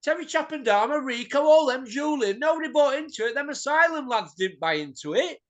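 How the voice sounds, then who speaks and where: Brisk and animated, this boxing pundit host speaks in a very high-pitched voice. The middle-aged man rants bluntly through opinionated chat, cursing and throwing in tag questions.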